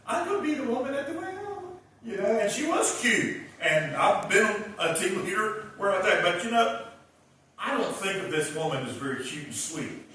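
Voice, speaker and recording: A man preaching a revival sermon, telling the story in an animated way and acting out the characters' lines. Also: on the high side, slight background noise. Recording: echoey hall, distant mic.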